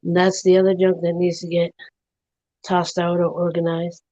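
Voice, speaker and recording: A woman's voice: lowish voice, completely flat delivery, normal speed, warm tone, no echo, muffled recording. A woman hosting a casual livestream chat from her home room, telling stories in a rambling, giggly way.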